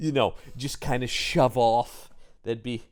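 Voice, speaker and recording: A man's voice: medium pitch, steady tone, unhurried. A man co-hosting a comedy podcast, recapping an old movie in casual chat and acting out scenes in goofy voices. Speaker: podcast co-host.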